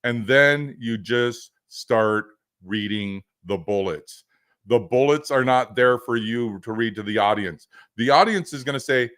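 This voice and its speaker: A man's voice: medium pitch, unhurried, fairly bright tone. Man coaching off the cuff on a livestream. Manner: casual, rambling, filler-heavy with joking asides. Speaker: business coach hosting a livestream.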